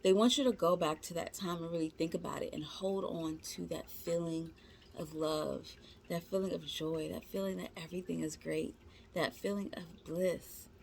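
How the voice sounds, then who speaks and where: Woman tarot reader, lowish voice, casual slangy chat, encouraging. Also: steady tone, moderate pace, gravelly, darkish tone, slight background noise. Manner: chatty, encouraging, addresses viewers as y'all; slangy, informal speech.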